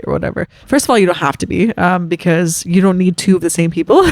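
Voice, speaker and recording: A woman's voice: on the low side, quick pace, few pauses, darkish tone, no echo. A woman from Montreal, a podcast guest, talking casually with many "like"s and frequent laughs. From Montreal, Canada. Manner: chatty, laughs often, fillers like "like".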